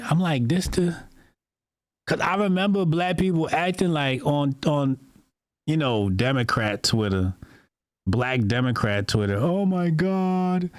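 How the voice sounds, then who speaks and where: A man co-hosting a podcast, talking in a casual, animated, mocking way and often mimicking other people. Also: medium pitch, no echo, clean studio sound. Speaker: podcast co-host.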